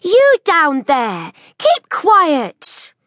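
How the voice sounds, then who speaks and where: A cross, sleepy young girl from a children's storybook scolds in a raised, high voice, as a woman narrator puts her on. Her lines come slow and pointed. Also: animated, fairly bright tone, no room sound, studio quality, full character voice. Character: grumpy sleepy young girl in a tree house.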